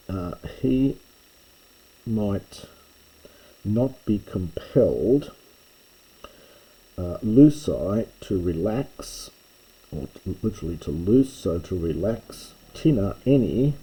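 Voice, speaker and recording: A man teaching, working through a Greek text line by line in a methodical way, often pausing to restate and correct himself. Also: low-pitched, dark tone, breathy edge, rough recording.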